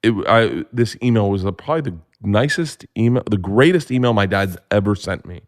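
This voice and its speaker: A man telling stories as a comedy guest, excitable and profane, often restarting with "like". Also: on the low side, a little fast. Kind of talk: casual storytelling.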